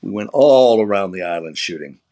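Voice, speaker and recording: A man's voice: lowish voice, expressive, fairly quick, dark tone. An older male actor being interviewed, telling emotional anecdotes and acting out quoted lines. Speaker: actor guest. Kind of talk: conversational interview storytelling.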